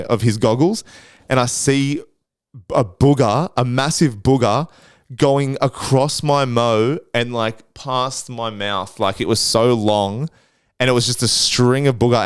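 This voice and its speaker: A man's voice: mid-range voice, clear, resonant tone, dry recording, clean studio sound. A young man telling a rambling, swear-filled story on his solo podcast, acting out his own panicked noises. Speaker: podcast host.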